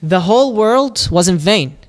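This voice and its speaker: A man telling a prophet's story at a mosque in a lively, casual way, acting out the quoted lines and using Arabic phrases. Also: sits high, unhurried. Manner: casual, with fillers and restarts. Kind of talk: religious storytelling talk.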